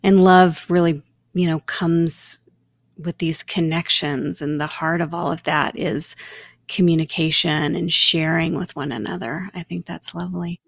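A woman hosting a reflective conversation, affirming her guest softly and asking slow, measured questions. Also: on the low side, steady tone, gravelly, dry recording. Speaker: host.

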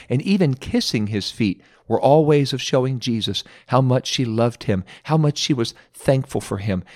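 A man delivering an earnest devotional sermon, leaning hard on key words and slowing to let them land. His voice sits in an ordinary middle register. The sound is dry and close, with no room around it. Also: medium pitch, darkish tone, no room sound. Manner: earnest, emphatic, slows down for stress. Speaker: preacher. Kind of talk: devotional sermon with study questions.

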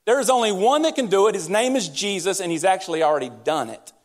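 During a service in the church sanctuary, a man pastors his congregation through a sermon, talking to them plainly and conversationally. His voice sits high and he speaks fast.

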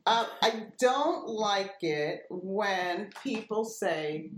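A woman's voice: mid-range voice, animated, extremely slow, echoey room. A woman hosting a casual chat, opinionated as she lists her pet peeves.

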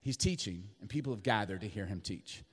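Lively preaching man in an echoey church. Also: fairly low pitch, fairly quick, breathy edge. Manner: animated, acts out voices of Peter and Jesus. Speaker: pastor. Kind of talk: sermon.

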